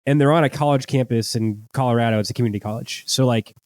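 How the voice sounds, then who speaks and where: Male co-host, quick rambling delivery, dry close-mic sound. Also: mid-range voice, a little mellow, no room sound. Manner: rambling, frequent "like" fillers. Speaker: podcast co-host. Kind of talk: casual chat about a TV episode.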